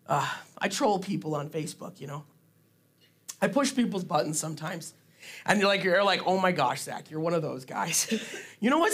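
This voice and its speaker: A man's voice: high-pitched, bright, forceful tone, slightly rough. A man preaching an informal sermon in a church, casual and self-deprecating, often laughing at himself. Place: church sanctuary.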